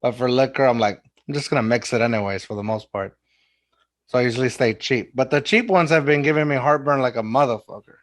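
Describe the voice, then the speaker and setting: A man's voice: medium pitch, quick pace. A man with a Mexican accent hosting a podcast in casual, joking chat, swearing freely. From Texas. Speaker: podcast host.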